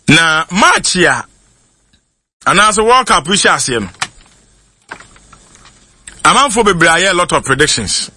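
Ghanaian man, casual host, bright voice, dry close sound, frequent laughs. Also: mid-range voice, very animated, a little slow, long pauses, no room sound. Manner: laughs often, mixes in English words. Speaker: show host. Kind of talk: casual chat.

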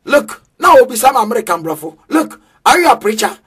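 A man acting out a rude foreigner who insults a preacher, in a rough, insulting manner. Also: very high voice, sing-song, a little fast, a bit bright, exaggerated voice. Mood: scornful.

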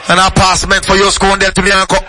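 A man with a Ghanaian accent giving rapid live radio football commentary, switching between English and Twi. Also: high voice, monotone, pushed and bright, a little hiss or hum, low-quality recording.

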